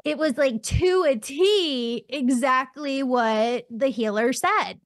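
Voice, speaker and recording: A woman's voice: sits high, takes it slowly, no room sound, studio quality. A woman hosting a podcast, chatting enthusiastically and reacting with feeling to her guest. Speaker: podcast host. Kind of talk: casual chat.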